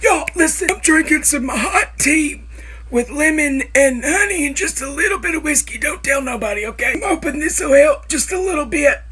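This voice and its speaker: A performer voicing a no-nonsense schoolteacher who has lost her voice and speaks hoarsely. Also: high-pitched, expressive, moderate pace, a bit bright, pitched above the performer's own voice.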